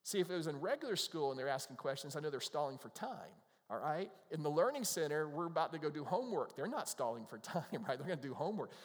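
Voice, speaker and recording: A man's voice: a little high, sing-song, fast, hardly any pauses. A middle-aged male pastor giving a casual, conversational sermon, often acting out the voices of people in the scriptures. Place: church. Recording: long reverb of a church hall.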